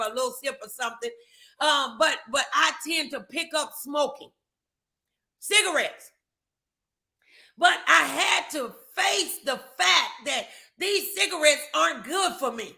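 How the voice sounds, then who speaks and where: A woman co-hosts a podcast, offering emphatic faith-based advice and repeating her phrases. Her voice is high, gravelly, bright and pushed.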